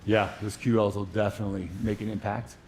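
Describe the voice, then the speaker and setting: A man's voice: lowish voice, flat delivery, fast, a little mellow, a little hiss or hum. A man hosting a livestream workout, casually explaining exercises and answering viewer questions with loose joking asides. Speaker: fitness coach hosting livestream.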